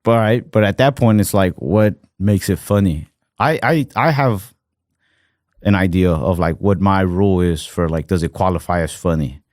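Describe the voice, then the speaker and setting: A young American man co-hosts a casual comedy podcast, rambling along with heaps of fillers like "like" and "fucking." His voice is low and a little mellow at a normal speed, recorded with studio quality and no echo.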